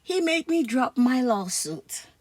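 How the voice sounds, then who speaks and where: A woman reading a funny children's comic aloud in an expressive voice, often laughing as she does the character voices. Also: sits high, dry recording. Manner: slow, expressive read-aloud. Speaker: children's book reader.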